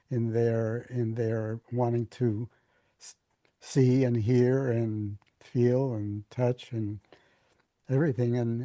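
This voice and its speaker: An older man with a dark, mellow voice answers thoughtfully as a spiritual teacher. He speaks slowly and haltingly, repeating words as he searches, with a touch of dry humor. The sound is close and completely dry. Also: mid-range voice, no echo. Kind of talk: reflective conversational answers.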